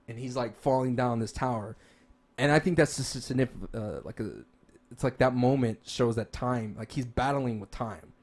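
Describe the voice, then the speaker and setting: Rambling, excited man podcast host. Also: medium pitch. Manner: rambling and enthusiastic, with many restarts and "like"s. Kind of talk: casual chat about games and movies.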